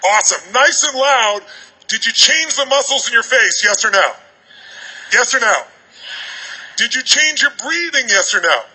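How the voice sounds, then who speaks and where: Over a stage microphone, a male motivational speaker fires commanding, rapid-fire questions at a large arena crowd during a seminar talk. The recording is low quality, and his very high-pitched voice is very animated, bright, and forceful with a breathy edge.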